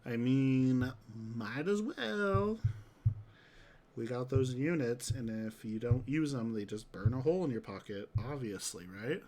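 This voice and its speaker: Male streamer, unhurried chatty commentary, mid-pitched voice. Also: expressive, a little mellow. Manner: chatty, says "dude" often, reacts to chat. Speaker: game streamer. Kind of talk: casual livestream commentary.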